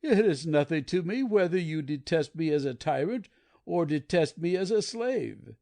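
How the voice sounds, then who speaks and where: A woman's voice: low-pitched, lively intonation, moderate pace, mellow, pitched below the performer's own voice. A woman reading an audiobook, voicing a passionate, desperate young male anarchist who pleads with his comrades. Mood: impassioned pleading. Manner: impassioned, pleading.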